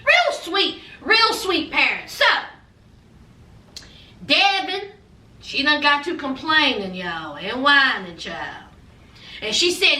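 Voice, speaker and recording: Sassy high-pitched woman. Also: takes it slowly, echoey room, distant mic. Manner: sassy and animated, calls viewers honey and child, acts out quotes. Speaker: reality TV recapper. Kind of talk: casual chatty recap.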